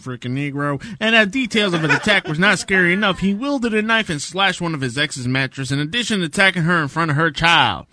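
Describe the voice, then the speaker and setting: A man's voice: a little high, expressive, fairly quick, hardly any pauses, sharp tone. A man voicing a bigoted southern man reading crime news, snickering through a mock-newsreader delivery. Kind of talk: comedic radio bit.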